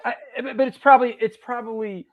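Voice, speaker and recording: A man's voice: very high voice, fairly even intonation, quick pace, phone-quality sound, a crowd in the background. A man hosting a casual interview show, chatty and full of fillers. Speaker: host.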